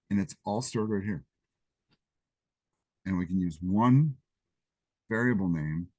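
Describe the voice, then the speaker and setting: Recorded dry, a programming instructor from Greece gives a live lecture and coding demo from a classroom or office, talking casually with asides. His voice sits low and sounds a little mellow and husky.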